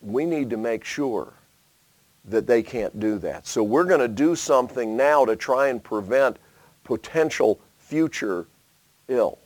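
A man preaching a sermon, asking rhetorical questions and swinging between loud emphasis and hushed asides. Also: medium pitch, animated, a little slow, no echo.

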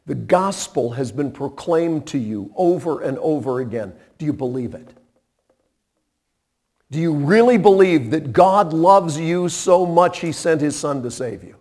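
A man preaching a sermon as pastor, impassioned and climbing to high, emphatic peaks. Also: darkish tone.

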